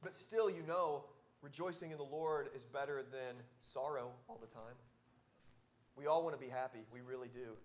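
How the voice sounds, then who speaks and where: A man pastor preaching a sermon, exhorting and repeating key phrases, swinging from loud to soft. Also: mid-range voice, moderate pace. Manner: repetitive, exhortative preaching with wide swings in loudness.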